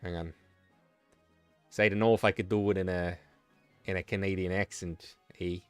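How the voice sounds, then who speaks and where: A low-voiced man hosts a casual live stream, reading passages aloud and wandering off into offhand asides. His voice sits close and dry on a desk mic. Quiet music plays faintly underneath. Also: level tone, normal speed, clear, resonant tone, no room sound. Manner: rambling, reads text aloud with offhand asides. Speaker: livestream host.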